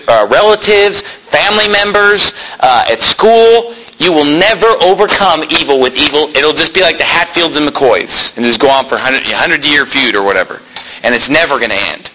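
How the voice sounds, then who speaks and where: Animated, bright-voiced man preaching. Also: slight background noise, poor audio. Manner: animated, jokey, acts out quoted people in a high voice. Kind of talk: sermon.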